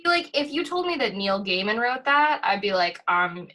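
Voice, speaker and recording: Bright-voiced woman with wry, incredulous quips. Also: fairly high pitch, big pitch swings. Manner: incredulous, quick wry reactions. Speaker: podcast co-host. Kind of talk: casual chat.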